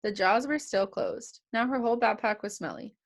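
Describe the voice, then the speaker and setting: Woman, young adult, children's book read-aloud, lively character voices, gravelly fry. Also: on the high side, normal speed. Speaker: childcare staff reading aloud.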